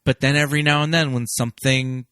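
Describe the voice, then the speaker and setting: A man co-hosting a casual movie podcast, animated, acting out characters' lines and laughing. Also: medium pitch, fast, clean tone, no echo, studio quality. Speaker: podcast co-host. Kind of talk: casual movie-review chat.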